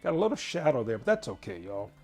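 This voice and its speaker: A man's voice: mid-range voice, sing-song, fast, vocal fry, darkish tone. A man hosting a cooking show, chatting folksily to viewers as he demonstrates.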